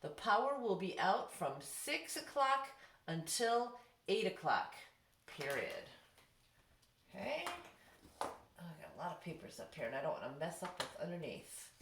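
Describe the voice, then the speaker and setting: A woman's voice: fairly low pitch, sing-song, vocal fry, a bit bright, a little hiss or hum. Patient teacher woman in an echoey room. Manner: patient, sounds words out slowly for young pupils. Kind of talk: recorded remote class lesson.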